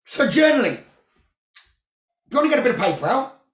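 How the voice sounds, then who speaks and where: A man who works as a psychic medium, giving calm, soothing spiritual guidance about the new moon, crystals and journaling. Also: very high-pitched, fairly quick. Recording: roomy, dull lo-fi sound.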